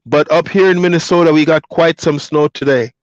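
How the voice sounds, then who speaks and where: A man's voice: fairly high pitch, steady tone, brisk, dry recording. A man from Jamaica with a Jamaican accent, whose first language is Patois, casually reading viewer comments aloud and chatting back on a livestream. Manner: reads viewer comments aloud and chats back, easygoing, laughs often. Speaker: truck driver streamer. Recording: dull lo-fi dry sound.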